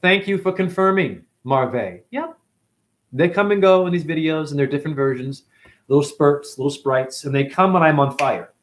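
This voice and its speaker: A man's voice: a little high, normal speed. A man hosting a casual livestream, reading viewer comments aloud and rambling in loose, slangy talk.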